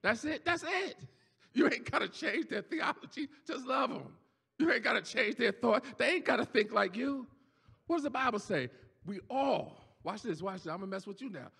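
Raspy, high-pitched preacher man shouting. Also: animated, normal speed. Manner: preaching with shouted, sung-out climaxes and dropping to quiet asides. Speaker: pastor. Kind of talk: sermon. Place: church sanctuary. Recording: church hall reverb with faint organ music.

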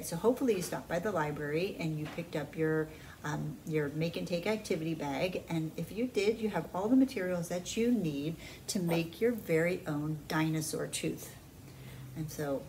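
A children's librarian reading a storybook aloud to kids in a friendly, casual way. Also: female voice, lowish voice, a little hiss or hum, low-quality recording.

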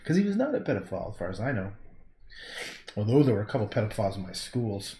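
A man's voice: lowish voice, sing-song, fast, warm tone, slight background noise. A man from Canada, a painter chatting casually on a livestream as he works, rambling frankly and swearing freely. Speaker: painter streaming his work. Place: art studio. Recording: echoey room.

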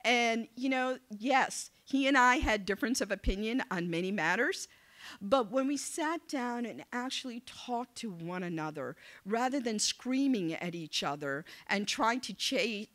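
A woman giving a motivational speech to young people, telling a story in an animated, conversational way and acting out the dialogue. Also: medium pitch. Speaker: keynote speaker. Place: event venue.

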